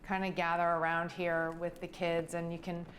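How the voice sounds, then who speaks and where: A middle-aged woman with a fairly low voice walks through her home, describing it in a relaxed, gushing way with easy fillers. A faint hum of room noise sits behind her. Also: moderate pace. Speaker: homeowner giving a house tour. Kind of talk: video house tour narration.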